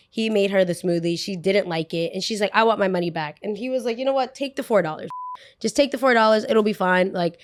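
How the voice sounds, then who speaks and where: A young woman tells a story on a podcast in a loose, chatty way. She acts out the people she quotes with bursts of energy and fills her talk with "like." Her delivery swings between heated and offhand. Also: mid-range voice. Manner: animated, acts out quotes, heavy use of "like". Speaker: podcast guest. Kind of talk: casual storytelling.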